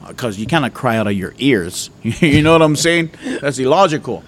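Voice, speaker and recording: A man's voice: mid-range voice, animated, normal speed. A man from Hawaii, telling a personal faith testimony in an earnest, conversational way.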